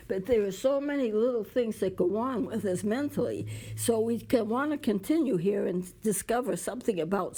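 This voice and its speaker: Mellow-voiced woman hosting a talk show. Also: medium pitch, husky, low-quality recording. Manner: explains with everyday examples and asides. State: coughing at times. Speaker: show host. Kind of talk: talk to camera on community TV.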